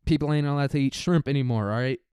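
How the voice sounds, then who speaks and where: A man doing a sloppy, cursing God who invents commandments as he goes, in a smooth, clear voice. It sounds dry and close, with no room around it. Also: medium pitch, fast, dark tone, no room sound, lightly acted. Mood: offhand. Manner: casual, profane, making it up as he goes. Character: flustered, improvising male God handing down rules.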